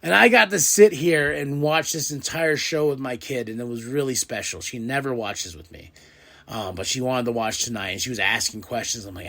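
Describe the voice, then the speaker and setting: A man hosting a podcast, recapping a wrestling show in casual chat, excitable and animated as he retells his reactions. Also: mid-range voice, moderate pace, gravelly. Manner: fillers and restarts. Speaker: podcast host.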